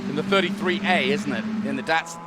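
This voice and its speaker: Upbeat high-voiced male co-commentator. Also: fast talker. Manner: responsive, upbeat, banters with partner. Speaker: race co-commentator. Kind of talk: live motorsport commentary. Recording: noisy trackside with engine sound.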